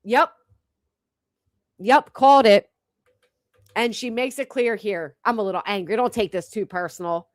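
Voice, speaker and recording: A woman's voice: medium pitch, a little slow, pauses often, dry recording, clean studio sound. A woman hosting a reaction stream, talking bluntly and profanely to her chat. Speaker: livestream commentary host.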